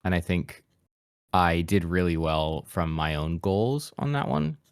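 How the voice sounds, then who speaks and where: A man with a very low voice, talking casually as a podcast guest about his voice acting work. He chats in a relaxed way and laughs often. The sound is dry and close, with no room echo. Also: measured pace, clean tone.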